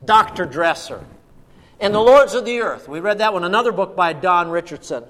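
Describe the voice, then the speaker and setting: Middle-aged male pastor, high-pitched, emphatic sermon delivery with hushed drops; long reverb of a church hall. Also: expressive, moderate pace.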